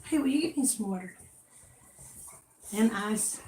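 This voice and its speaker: A woman's voice: a little high, expressive, a little slow, heavy background noise. An older woman chatting casually at home, coaxing and calling her dogs as she shows them off. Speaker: vlogger showing her dogs. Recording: roomy, distant from the mic.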